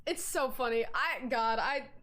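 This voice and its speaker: A young woman livestreaming from home, chatting casually in an excitable, rambling way, giggling and swearing as she goes. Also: a little high, measured pace. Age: young adult. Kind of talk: casual live-stream chat.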